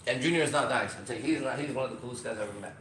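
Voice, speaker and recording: Man, podcast host, animated storytelling, acts out quotes, echoey room, set back from the mic, faint hiss. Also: medium pitch, racing. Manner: acts out quoted lines, often adds "right?". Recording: roomy, distant mic with faint noise.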